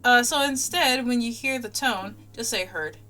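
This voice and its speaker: A woman's voice: a little high, pushed and bright, faint music behind. A woman voicing a cheerful female lab AI assistant who talks in a chipper, clinical way. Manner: chipper, clinical, briskly upbeat.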